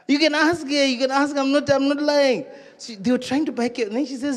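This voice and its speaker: Man, South African accent, stand-up comedian, high-pitched, long hall reverb. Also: a little fast. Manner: animated, storytelling, exclamatory. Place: live venue stage.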